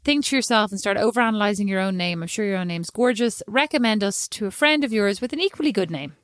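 An Irish woman co-hosts a chatty podcast and tells stories with lively animation. She teases her sister along the way. The recording is close and dry. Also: mid-range voice, quick pace, dry recording. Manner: animated storyteller, teasing. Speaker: podcast co-host. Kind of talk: casual chat between sisters.

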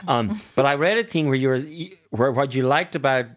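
A man's voice: medium pitch, animated, brisk. A man hosting an interview, asking questions in a wry, lightly teasing way. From Ireland. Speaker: interviewer host. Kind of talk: conversational interview.

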